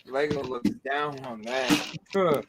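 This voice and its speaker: A man's voice: mid-range voice, slow, very noisy. A man with a Southern US accent, hosting a casual livestream chat with friends, joking and teasing. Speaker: livestream host.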